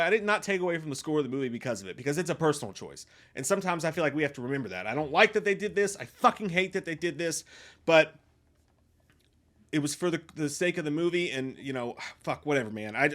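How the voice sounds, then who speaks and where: A young man reviewing a film in a loose, unscripted rant, his voice a touch higher than most men's. He swears freely and lurches between loud, heated bursts and quiet, deflated mutters. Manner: emphatic, profane, swings from loud outbursts to low mutters. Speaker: movie review host. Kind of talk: casual spoiler review.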